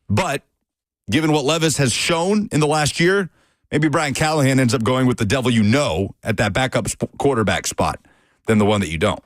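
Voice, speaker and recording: Dry-voiced sports radio host. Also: male voice, mid-range voice, no echo. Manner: analytical, steady delivery. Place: radio studio.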